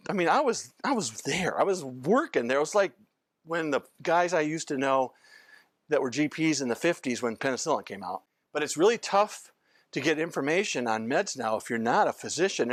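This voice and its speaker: A man's voice: mid-range voice, no room sound, studio quality. An older male physician giving an informal training lecture, rambling through anecdotes and often breaking off to restart his sentences.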